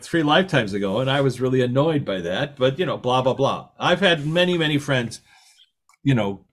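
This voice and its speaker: A middle-aged man with a lively, anecdotal way of talking, telling stories in a talk and acting out the quoted voices. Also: medium pitch. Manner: animated, anecdotal, laughs at his own stories, acts out quotes. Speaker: author and podcast host giving a talk. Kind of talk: storytelling talk.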